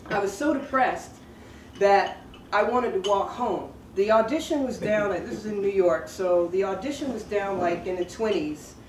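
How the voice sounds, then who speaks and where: A woman's voice: medium pitch, normal speed. A woman telling a personal story in a chatty, digressive way, laughing at herself as she goes. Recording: roomy sound from a distant mic with faint background noise.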